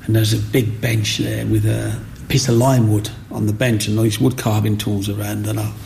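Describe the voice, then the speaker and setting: A man's voice: lowish voice, flat delivery, normal speed, a little mellow, a little hiss or hum. A middle-aged man, telling his life story as an interview guest, earnest and repetitive. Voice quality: gravelly. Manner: earnest, repeats words, acts out quotes.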